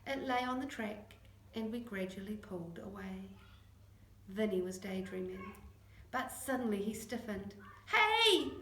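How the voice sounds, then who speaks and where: A woman narrating a children's chapter book, acting out the dialogue in lively voices. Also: mid-range voice, moderate pace, noisy background. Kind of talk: audiobook reading. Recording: echoey room.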